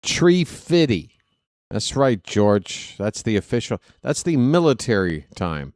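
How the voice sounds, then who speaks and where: A man calling live baseball play-by-play for fans, excitable and jokey, talking straight to his listeners. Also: fairly low pitch, a little slow, dry recording, clean studio sound. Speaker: fan play-by-play commentator.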